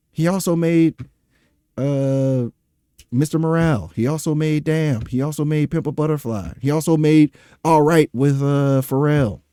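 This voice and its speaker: A man's voice: a little high, dark tone, no echo, clean studio sound. A man in his thirties hosting a solo podcast, giving emphatic, opinionated commentary with frequent fillers. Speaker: podcast host.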